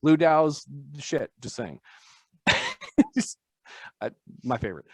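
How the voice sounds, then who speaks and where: A man's voice: on the high side, huge pitch swings, slow pace, husky, no echo. Rambling man with a dry, close voice. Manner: rambling, filler-heavy, self-deprecating. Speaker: tattoo artist guest. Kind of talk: casual podcast conversation.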